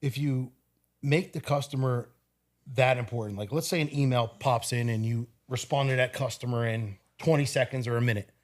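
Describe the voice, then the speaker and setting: A man talking on a podcast, lively and quick, with plenty of fillers as he gives advice. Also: mid-range voice. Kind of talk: casual podcast conversation.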